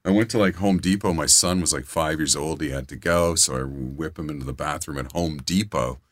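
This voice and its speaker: A middle-aged man trading crude stories on a podcast, his voice very low and dry. He swears freely and sinks into quiet mutters when he grumbles. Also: brisk, no room sound. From grew up outside California. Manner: profane storyteller, drops to low mutters. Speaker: podcast co-host. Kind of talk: casual chat.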